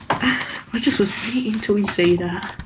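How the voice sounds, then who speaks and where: A high-voiced man tossing out deadpan, teasing jabs during a game session. The recording is noisy, with keyboard clicks and typing behind him. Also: slow, highs cut off. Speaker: co-player, fellow channel owner. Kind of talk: casual gameplay commentary.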